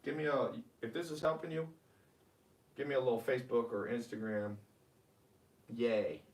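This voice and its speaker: A man delivers money tips to a live audience with lively energy and a preacher's push. His voice sounds like it comes from a few steps off the mic, and the room around him echoes. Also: medium pitch, moderate pace, distant mic. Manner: energetic, animated, preachy, reads viewer comments aloud. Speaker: host. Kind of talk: live-streamed money advice talk.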